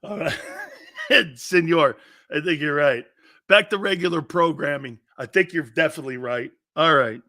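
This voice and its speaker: A man's voice: a little high, normal speed, pushed and bright. A man hosting a casual live sports talk show who keeps breaking into laughter, jokes around and answers viewer comments by name.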